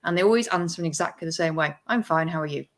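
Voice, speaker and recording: A woman's voice: lowish voice, very fast. A woman clinician chatting on a podcast, telling stories about patients and acting out their replies. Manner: chatty storyteller, acts out patient exchanges. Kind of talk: podcast conversation.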